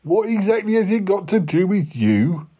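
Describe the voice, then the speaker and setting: A man's voice: high voice, very animated, moderate pace, breathy edge. A man hosting a comic podcast, bantering with teasing, incredulous questions, on a slightly dull recording. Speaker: podcast host.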